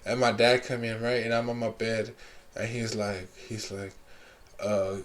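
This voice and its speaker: A man's voice: on the low side, flat delivery, a little slow. A young man telling a long story in casual chat, rambling with lots of fillers and restarts.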